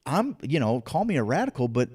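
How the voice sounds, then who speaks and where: A man's voice: mid-range voice, big pitch swings, brisk, darkish tone, slightly rough. A man co-hosting a casual podcast, ranting passionately and emphatically, restarting his sentences as he pushes his points. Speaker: podcast co-host.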